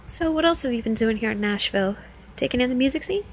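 A woman's voice: on the high side, expressive, fast, a little hiss or hum, poor audio. A woman playing a teasing New Jersey club dancer. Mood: flirty teasing. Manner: playful, teasing, coaxing. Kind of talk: first-person audio role-play.

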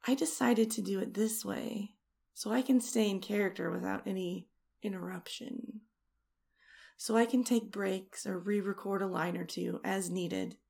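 A woman's voice: medium pitch, creaky, a little mellow, slightly rough. A woman performing an intimate erotic audio role-play into a close microphone, teasing and seductive, sometimes dropping to a whisper. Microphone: close studio mic.

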